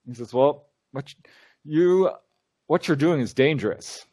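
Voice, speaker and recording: A man's voice: fairly high pitch, measured pace. A man being interviewed as a researcher, telling stories in a casual way and acting out the dialogue. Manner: animated, acts out quoted dialogue. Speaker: guest, UFO researcher and lecturer.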